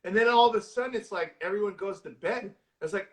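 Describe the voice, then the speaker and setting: High-pitched guy ranting about a horror flick, cursing a ton, casual live chat. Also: fast, hardly any pauses. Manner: excitable, profane, storytelling with lots of swearing. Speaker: horror movie discussion co-host. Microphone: live social video stream.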